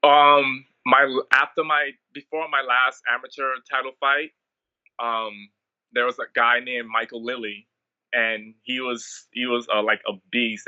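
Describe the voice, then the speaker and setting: A young Bahamian MMA fighter, appearing as an interview guest, tells stories in a relaxed, rambling way full of ums and likes. His voice is mid-range, and the audio has its highs cut off.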